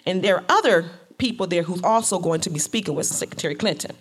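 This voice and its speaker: A middle-aged woman from Detroit telling a personal story to an audience in a lively, colloquial way. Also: lowish voice, quick pace, breathy edge.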